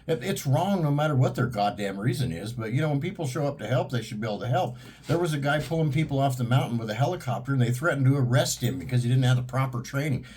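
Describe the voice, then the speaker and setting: A man's voice: medium pitch, expressive, quick pace, a little mellow, a little hiss or hum. A man delivering a heated, profane monologue in a blunt, ranting manner. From United States. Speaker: vlogger. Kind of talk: monologue to camera.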